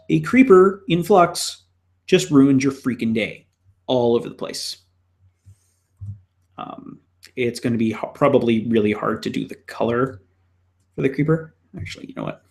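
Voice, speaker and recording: Drawing on a live stream, a man offers casual commentary, rambling and muttering to himself with plenty of ums. He speaks slowly with vocal fry, yet his pitch swings widely up and down.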